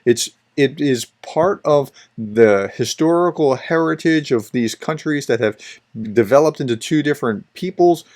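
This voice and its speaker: A man's voice: medium pitch, measured pace, a little mellow. A man, a professor, giving casual spoken commentary on video clips, talking conversationally and often restarting or repeating his words. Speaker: professor explaining disinformation.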